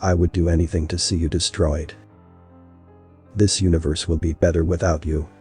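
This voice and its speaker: A man's voice: little pitch movement, moderate pace, a little mellow, faint music behind. A man voicing a vengeful, mocking human man who confronts a god, in a story reading. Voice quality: deep husky voice. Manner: mocking and bitter.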